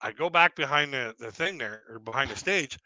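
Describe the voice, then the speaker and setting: A man's voice: medium pitch, animated, a little fast, sharp tone, dry recording. A man from Canada telling rambling, self-deprecating stand-up stories and laughing at his own jokes. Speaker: stand-up comedian. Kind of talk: stand-up storytelling on a live stream.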